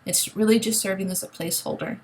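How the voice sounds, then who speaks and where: A woman's voice: mid-range voice, quick pace, darkish tone, slight background noise. A woman teaching a recorded online language lesson, explaining words and sounds patiently and checking in with a frequent "okay?". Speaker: Spanish teacher.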